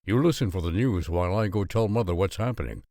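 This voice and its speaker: A man's voice: deep voice, fast talker, mellow, no echo, studio quality, lightly acted. A man voicing a middle-aged father who speaks earnestly and with emphasis. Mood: stirred. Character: middle-aged Dutch father, a man, warm then alarmed.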